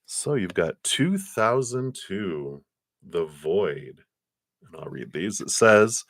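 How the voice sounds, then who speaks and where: Deep-voiced man giving a live tarot reading. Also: expressive, a little slow, fairly bright tone, no room sound, studio quality. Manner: chatty, laughs often, reads card texts aloud. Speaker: tarot card reader. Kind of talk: live-streamed card reading.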